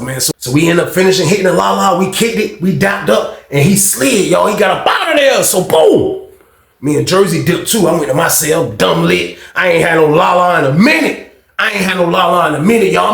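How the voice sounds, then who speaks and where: Gravelly high-pitched man telling a story. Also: fairly quick, crowd noise. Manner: animated, slangy, jumps into acted voices. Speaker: storyteller recounting prison life. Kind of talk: casual storytime monologue. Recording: echoey room.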